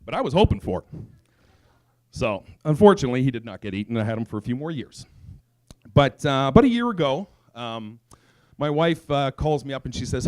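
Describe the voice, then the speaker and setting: A man hosting a comedy night, telling an animated, sarcastic and profane stand-up story. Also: mid-range voice, quick pace. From raised by Italian parents. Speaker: comedy show host.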